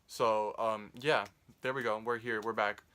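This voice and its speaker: A man's voice: fairly low pitch, fairly even intonation, a little slow, pushed and bright, slight background noise. Rambling, foul-mouthed young man telling a story. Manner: rambling, profane, lots of "like". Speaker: vlogger. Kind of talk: casual storytime vlog.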